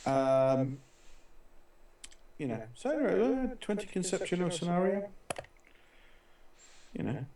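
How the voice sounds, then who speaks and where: Man, casual co-host chat, hesitant and halting, lively rising voice, roomy echo, off-mic. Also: sits high, slight background noise. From outside the United States. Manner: hesitant, many restarts and fillers. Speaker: talk show co-host. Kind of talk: casual chat over a call. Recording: echoey room, far from the mic.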